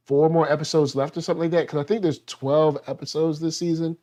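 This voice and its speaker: A man co-hosting a casual TV review chat, animated and joking, and he keeps acting out scenes in silly voices. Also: fairly high pitch, quick pace, a crowd in the background. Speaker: podcast co-host.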